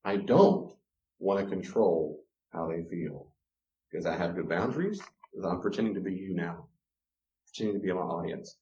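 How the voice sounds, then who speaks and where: A man giving a teaching talk on relationships. He is animated and acts out the voices he quotes. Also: lowish voice, moderate pace. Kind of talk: lecture-style teaching. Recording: roomy, slightly dull sound.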